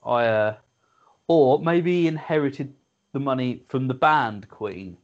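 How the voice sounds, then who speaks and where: A man's voice: medium pitch, lively intonation, takes it slowly. Joking co-host man, muffled. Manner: joking, riffing on ideas. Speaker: radio co-host. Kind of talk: radio chat.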